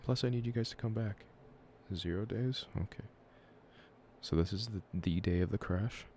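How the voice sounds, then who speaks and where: A young man with a low, mellow voice talks loosely to his viewers while playing a story game. He chats in a relaxed, offhand way between reading the game's lines aloud. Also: normal speed, a little hiss or hum. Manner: relaxed chatter, reads game dialogue aloud. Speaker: streamer. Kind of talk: casual live-streamed game playthrough.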